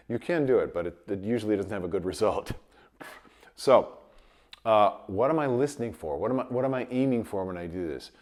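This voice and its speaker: A man teaching trumpet in a casual video lesson, his voice a bit rough from a cold, explaining with light chuckles. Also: on the low side, brisk. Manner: relaxed explaining with light chuckles, sings sample tones.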